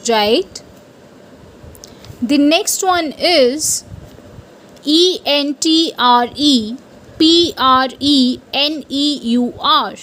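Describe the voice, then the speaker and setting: A woman with a high-sitting, fairly bright voice teaches English pronunciation to the camera, deliberately spelling each word out letter by letter and often checking in with "right?". There's a little hiss or hum on the recording.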